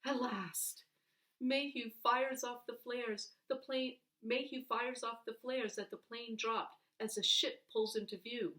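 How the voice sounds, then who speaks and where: A woman reading a children's book aloud in an expressive, animated way, with dramatic pauses. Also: on the high side. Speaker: reader. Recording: voice heard from a distance.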